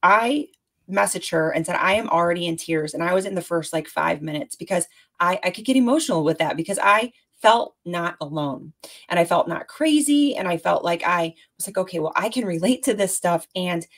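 A woman's voice: fairly low pitch, lively intonation, fairly quick. Bubbly woman podcast host in her forties. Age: 40s. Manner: bubbly, effusive, many fillers. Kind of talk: casual podcast interview.

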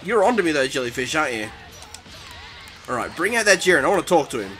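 A young man giving excitable, panicky commentary over his own fighting-game match, taunting his opponent. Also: a little high, fast talker. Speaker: gaming YouTuber. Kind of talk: live gameplay commentary. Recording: game music behind voice.

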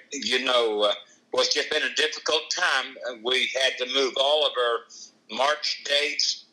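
A man's voice: mid-range voice, bright, forceful tone, low-quality recording. A man with a Kentucky accent, a gospel singer chatting as a guest on a call, upbeat and folksy. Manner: folksy and upbeat, quick to laugh. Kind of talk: casual phone interview. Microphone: phone call.

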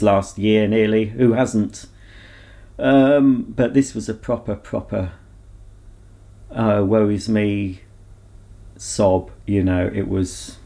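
Male vlogger with a low, warm voice; candid, rambling, self-reflective delivery. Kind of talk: casual chat to camera.

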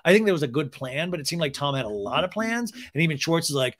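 Man, podcast host, gossipy TV recap, swears a lot, animated, lively pitch. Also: fast talker. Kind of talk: casual reality TV recap.

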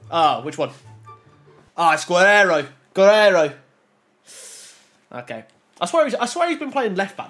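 A young man giving casual gameplay commentary as a YouTuber, excitable and pleading out loud at each reveal. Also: fairly high pitch. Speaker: gaming YouTuber.

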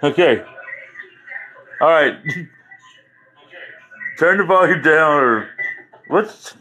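A man's voice: fairly high pitch, expressive, extremely slow, bright, forceful tone, low-quality recording. A man hosting a casual livestream, rambling from one joke to the next and chuckling often at his own stories. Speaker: livestream host.

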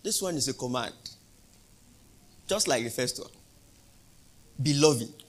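A male pastor preaching a sermon, asking the congregation questions and building to loud, emphatic peaks. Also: medium pitch, expressive, measured pace.

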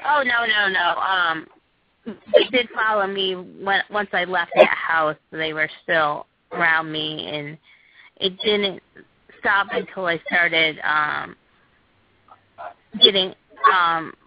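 Slow, hesitant woman caller. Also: fairly low pitch, no room sound. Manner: hesitant, full of fillers. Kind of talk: casual call-in chat. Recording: dry, muffled lo-fi sound.

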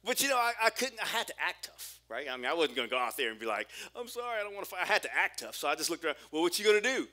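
A pastor in his forties preaches with a high, strikingly bright and ringing voice. He tells a personal story with animated energy, stumbling through restarts as he goes. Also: very fast, hardly any pauses. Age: 40s.

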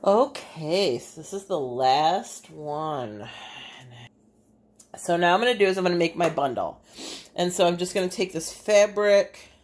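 Demonstrating a craft in her home kitchen, an artist and teacher from Bay City, Michigan talks casually and thinks out loud as she works. She has a fairly low, a little mellow voice with lively intonation and a measured pace.

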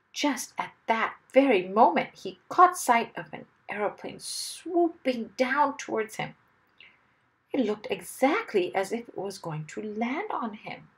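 A woman reading a children's story aloud in an expressive, animated storytelling manner. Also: mid-range voice, creaky.

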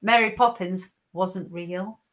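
Wry middle-aged woman, lowish voice. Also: slow pace. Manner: wry, teasing, laughs easily. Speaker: regular guest. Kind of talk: casual chat. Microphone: video call.

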